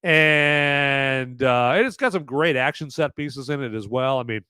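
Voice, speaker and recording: A man's voice: medium pitch, unhurried, sharp tone, clear, resonant tone, no room sound. A man hosting a live movie review podcast, rambling casually with many fillers and swearing. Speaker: podcast host.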